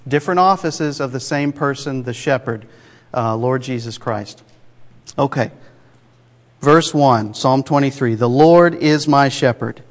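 Conversational preacher in a reverberant hall. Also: male voice, mid-range voice, measured pace. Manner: conversational, emphatic, rhetorical asides. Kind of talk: sermon.

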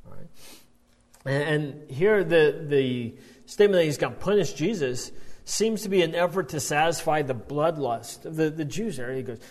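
Bible teacher, male, fairly high voice, explanatory and checking in, long reverb of a large hall. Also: normal speed. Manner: explanatory, often checks in with "all right".

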